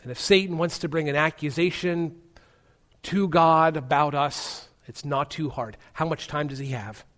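A man preaching a sermon as pastor, emphatic, swinging between loud stressed words and hushed low ones. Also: normal speed.

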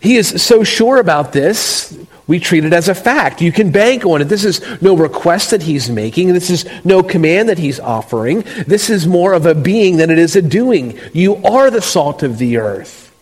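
A man's voice: high voice, expressive. Emphatic male preacher in a reverberant hall. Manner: measured, emphatic preaching with slow deliberate stresses. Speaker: pastor. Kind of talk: expository sermon. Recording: long reverb of a large hall.

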